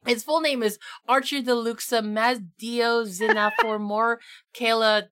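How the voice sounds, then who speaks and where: A woman's voice: on the high side, steady tone, a little slow, fairly bright tone. A young adult woman, a game master, chatting casually on a tabletop gaming podcast in a bubbly, rambling way. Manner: bubbly, rambling, lots of filler and laughter.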